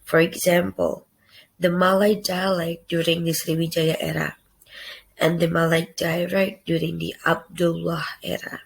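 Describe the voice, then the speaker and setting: Young woman reading her class talk, real slow, kinda gravelly. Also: lowish voice, rough recording. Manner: careful, halting delivery in short phrases. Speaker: student presenter. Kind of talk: read class presentation.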